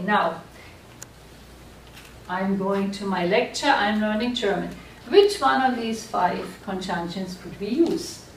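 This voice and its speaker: A woman teaching a German class, explaining slowly and patiently and often checking that the students follow. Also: medium pitch, slight background noise. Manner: slow, patient explaining with frequent check-ins. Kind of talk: classroom lecture at a board. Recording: echoey room, voice from far off.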